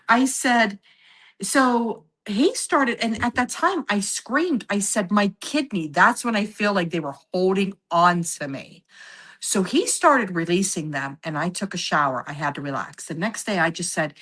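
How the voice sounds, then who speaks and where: A woman's voice: mid-range voice, expressive, normal speed, fairly bright tone. A woman telling a personal story in a casual podcast chat, acting out the voices of the people she quotes. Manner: acts out quoted voices, laughs while telling. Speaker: psychic medium guest.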